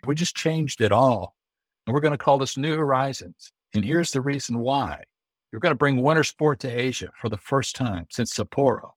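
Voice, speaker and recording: A middle-aged American man, a guest on an interview, telling lively anecdotes and acting out the dialogue he quotes. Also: mid-range voice, moderate pace, no room sound. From United States. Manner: lively storyteller who acts out quoted dialogue. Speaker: guest, Olympic bid consultant.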